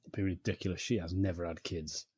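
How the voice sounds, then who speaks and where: A man's voice: sits low, steady tone, fast talker, a little mellow, breathy edge, no echo, studio quality. A man co-hosting a podcast, riffing sarcastically with lots of swearing and laughs. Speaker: podcast co-host. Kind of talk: casual chat.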